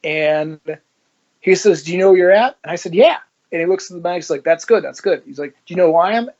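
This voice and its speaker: Speaking fairly quickly in a slightly high voice, this Ohio man, once a police officer, recounts his story for an interview and performs each quoted line with animation. The audio sounds dull.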